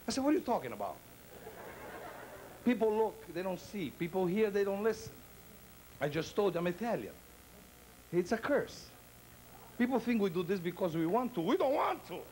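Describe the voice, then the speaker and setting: A male stand-up comedian with a high voice that leaps all over the place as he tells his routine. He talks in a theatrical, playful way and teases people in the audience. A faint murmur sits behind him in the live room. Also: sing-song, normal speed, long pauses, a little mellow, a little hiss or hum, poor audio.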